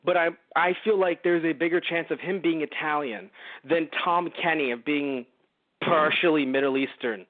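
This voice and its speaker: Male podcast co-host, casual rambling reviewer who swears freely; slightly high voice, dry, phone-narrow audio. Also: moderate pace, dry recording. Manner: rambling, swears a lot, animated.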